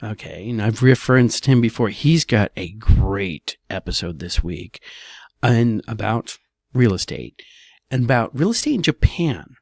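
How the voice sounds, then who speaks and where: A man's voice: fairly low pitch, very animated, unhurried, creaky, darkish tone, no echo, clean studio sound. A man, a real estate broker, talking casually in a solo podcast, loose and chatty, often saying "all right".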